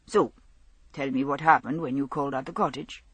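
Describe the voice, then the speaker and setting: A woman playing a calm, soothing Highland constable. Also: brisk, breathy edge, dry recording, heavily acted. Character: Highland village constable, friendly and shrewd.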